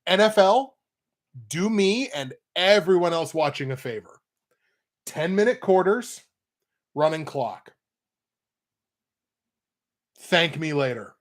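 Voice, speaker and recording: A man's voice: a little high, animated, takes it slowly, long pauses. A young man hosting a football picks show in a casual, rambling way, with wry asides and self-corrections. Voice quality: nasal when pinching nose. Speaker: sports picks show host. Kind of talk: casual football betting talk.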